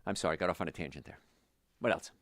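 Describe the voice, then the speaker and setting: A man's voice: low-pitched, fast talker, slight background noise. A man working as a holistic health practitioner, answering viewer questions in a casual, chatty way and drifting into anecdotes. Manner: animated, chatty, drifts into stories.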